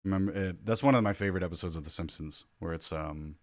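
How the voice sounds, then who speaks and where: Low-voiced man rambling through commentary. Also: fast, dry recording, clean studio sound. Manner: rambling, restarts mid-sentence. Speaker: YouTube commentator. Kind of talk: casual reaction commentary.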